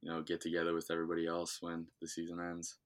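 A man's voice: low-pitched, fast. A young man from Ohio with a slight Midwestern accent, a guest casually rambling through a podcast interview with lots of fillers. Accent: Midwestern American. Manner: relaxed rambling with many fillers. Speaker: guest, former reality show contestant.

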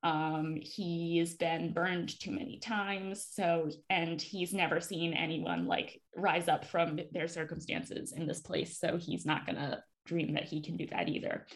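Woman, podcast host, casual episode recap, chatty, lots of fillers, slightly low voice. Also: a little slow, few pauses.

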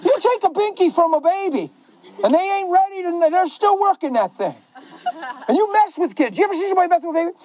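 A man's voice: very high-pitched, expressive, quick pace, darkish tone, slight background noise, rough recording. A man pastor answering questions in a passionate, emotional preaching style.

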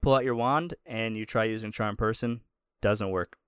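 A man's voice: mid-range voice, fairly quick, fairly bright tone, clean tone, no room sound, studio quality. A man narrating as game master in a tabletop game, casual and chuckling, with faint music behind.

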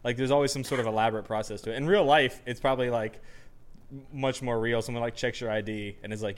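A man's voice: mid-range voice, steady tone, fast talker. A man co-hosting a casual music podcast, rambling and joking with playful mock voices. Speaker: podcast co-host. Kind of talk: casual chat.

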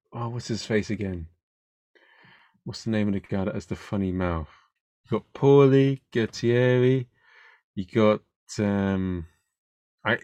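Slow, hesitant male comedian guest. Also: medium pitch, clean tone, dry recording. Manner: hesitant, many fillers and restarts while thinking. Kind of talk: casual interview chat.

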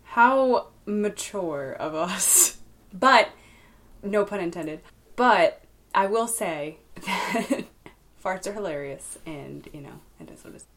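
Brief: a female podcast co-host, giggly and teasing, with a slow, unhurried delivery. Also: medium pitch, animated, fairly bright tone. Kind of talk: casual podcast chat.

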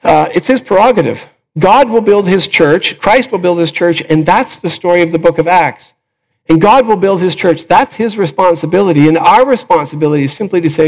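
A man's voice: high-pitched, fairly quick, darkish tone, low-quality recording. An older man preaching a sermon, telling a personal story in a conversational way with fillers and restarts.

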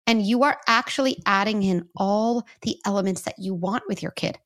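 A woman's voice: medium pitch, normal speed, few pauses, fairly bright tone. Woman explaining in a podcast interview. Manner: explains step by step, guides listeners through exercises. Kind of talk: conversational interview.

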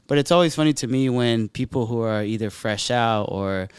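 Laid-back man with a smooth voice. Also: mid-range voice, dry recording. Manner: quick to laugh, short reactions, joking asides. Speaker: podcast host. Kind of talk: casual chat.

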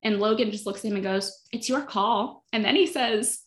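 A woman's voice: fairly high pitch, normal speed. Chatty woman recapping a show. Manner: chatty, retelling scenes with quoted dialogue. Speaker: podcast co-host. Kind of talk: casual chat recapping a TV episode.

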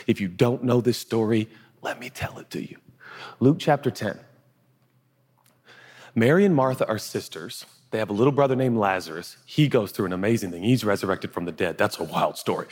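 A male pastor preaching a sermon in an animated, jokey, conversational way. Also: medium pitch, husky. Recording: long echoey hall reverb.

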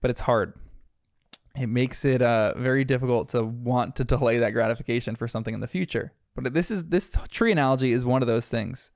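A man's voice: medium pitch, brisk, no room sound, clean studio sound. A young man giving a casual, chatty recap of a cartoon episode, reflective and full of fillers. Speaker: episode reviewer.

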